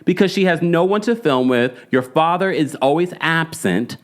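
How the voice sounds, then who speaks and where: A man's voice: a little high, animated, a little slow. A man hosting a casual, opinionated recap of a reality show, talking emphatically and mimicking the people he discusses.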